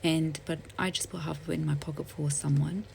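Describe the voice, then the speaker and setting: A woman telling a story while doing her makeup, soft-spoken and hesitant, with many fillers and restarts. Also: low-pitched, steady tone, fairly quick, gravelly, noisy background. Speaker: beauty vlogger. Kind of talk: get-ready-with-me storytelling.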